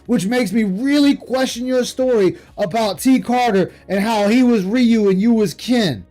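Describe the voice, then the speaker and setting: A man streaming late at night, ranting with heavy profanity and scorn, breaking into shouts. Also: very high-pitched, measured pace, soft background music. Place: home streaming setup.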